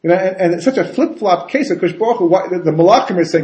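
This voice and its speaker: A man giving a casual Torah talk as a rabbi, animated and full of rhetorical questions and asides. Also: high voice, very fast, few pauses. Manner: animated, rhetorical questions, frequent "you know" and "right?". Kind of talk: casual conversational Torah lecture. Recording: echoey room.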